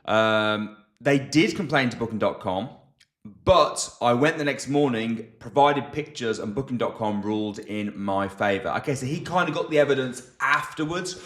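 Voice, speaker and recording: A man's voice: mid-range voice, normal speed, fairly bright tone. A man co-hosting a podcast, chatting loosely and without a script. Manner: conversational, loose and unscripted. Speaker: podcast co-host. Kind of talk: casual chat.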